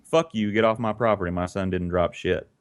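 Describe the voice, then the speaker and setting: A man doing a gruff, hostile redneck dad. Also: deep voice, fairly quick, pitched below the performer's own voice, natural voice. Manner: blunt, crude. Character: gruff, drunk, hostile middle-aged father.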